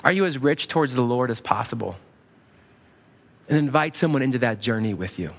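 A man preaching a sermon as a pastor, animated and acting out quoted prayers in a raised voice. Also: medium pitch, brisk, vocal fry.

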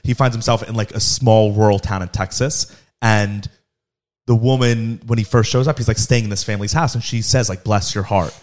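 A man's voice: lowish voice, fairly even intonation, a little fast, a little mellow. A man co-hosting a podcast, chatting casually, teasing his co-host and laughing often. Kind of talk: casual chat.

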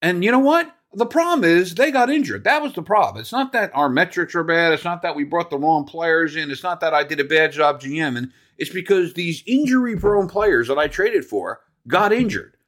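A man's voice: lively intonation, normal speed, few pauses, a bit bright. A man doing a mocking impression of a defensive male baseball executive who whines and makes excuses. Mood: whiny. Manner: high-pitched, whining, self-excusing.

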